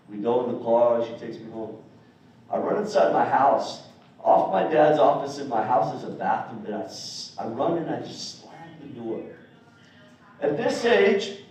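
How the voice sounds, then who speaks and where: A young man giving an energetic, storytelling motivational speech at a school assembly, talking straight to the kids. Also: mid-range voice. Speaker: motivational speaker. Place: school gym or auditorium. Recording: echoey hall, mic from far off.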